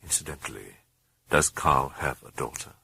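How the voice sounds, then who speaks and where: A man voicing a troubled Jesuit priest who questions earnestly, in a husky, deep voice. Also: lively intonation, normal speed, bright, forceful tone, dry recording, heavily acted.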